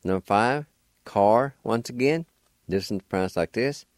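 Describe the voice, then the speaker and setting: A middle-aged man with a fairly low voice teaches vocabulary on the radio, heard in a dry, studio-quality recording. His pace is unhurried and deliberate as he spells each word letter by letter.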